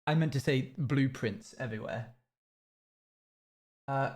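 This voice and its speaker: A man's voice: on the high side, expressive, takes it slowly, long pauses, a little hiss or hum. Rambling British streamer man. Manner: rambling, self-mocking. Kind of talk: live-stream gaming chat.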